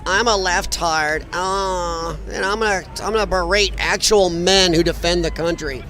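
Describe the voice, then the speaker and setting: A man's voice: high voice, fairly even intonation, normal speed, pushed and bright. A man putting on a mocking voice of a smug young female protester who is showing off. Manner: sneering, mocking impression.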